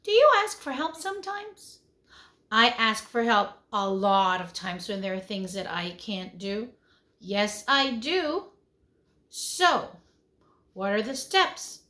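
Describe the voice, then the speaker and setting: A woman teaching a lesson to young children online, with an animated, sing-song delivery that swings in pitch and loudness and asks the children many questions. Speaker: preschool teacher.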